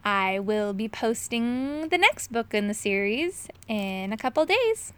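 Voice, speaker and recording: Bright, animated woman reading a storybook. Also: a little high, measured pace, clean tone. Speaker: storybook reader. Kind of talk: children's storybook reading aloud.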